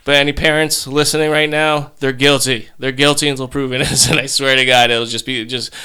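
A man's voice: mid-range voice, a little fast, smooth. Brash, swearing male storyteller. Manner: profane, animated storyteller. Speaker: podcast guest. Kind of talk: casual storytelling.

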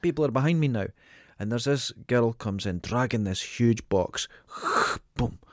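A man's voice: medium pitch, measured pace, no room sound, clean studio sound. A man with a Dundee accent, a podcast co-host telling stories in casual chat, swearing freely. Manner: sweary, animated storyteller.

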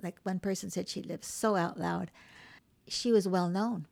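A woman author from Hawaii telling lively stories about her mother in a casual interview, acting out the voices of the people in them. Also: on the low side, unhurried, gravelly. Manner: animated storyteller acting out quoted voices. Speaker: memoir author, guest.

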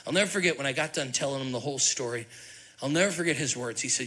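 A middle-aged man, lead pastor, preaching a sermon with animated, humorous storytelling and questions to the congregation. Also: medium pitch, fast talker, breathy edge, poor audio.

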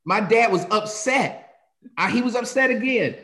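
This pastor from North Carolina talks in a high, ringing voice and tells stories with a preacher's rhythm. He sounds like he's in a roomy space with a lot of echo. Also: normal speed. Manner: animated storyteller, shifts into sermon cadence. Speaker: pastor, guest. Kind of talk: conversational interview, preacherly.

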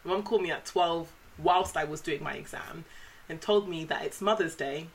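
A woman co-hosting a podcast, chatting casually and telling animated stories with bursts of laughter. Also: sits low, moderate pace. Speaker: podcast co-host. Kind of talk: casual chat.

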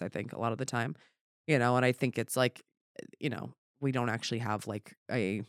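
A man, a comedian, talking in a casual podcast chat, rambling and animated and swearing offhandedly. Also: mid-range voice, dry recording, studio quality. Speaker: comedian guest.

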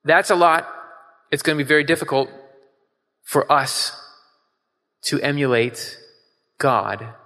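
Bright-voiced man preaching in a hall. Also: a little high, slow, long pauses. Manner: conversational, emphatic, asks the audience questions. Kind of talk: casual sermon with scripture reading. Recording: long hall reverb.

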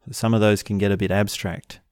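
A man teaching in a slow, reflective way, often repeating short example phrases. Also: on the low side, flat delivery, darkish tone, clean tone, no echo, studio quality. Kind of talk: spoken teaching talk.

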